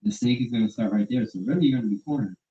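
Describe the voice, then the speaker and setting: A man's voice: mid-range voice, rapid-fire, highs cut off. A man hosting a prank vlog, talking casually with loose slang. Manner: loose, slangy, animated street talk. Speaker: prank channel host. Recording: roomy echo, distant from mic, faint noise.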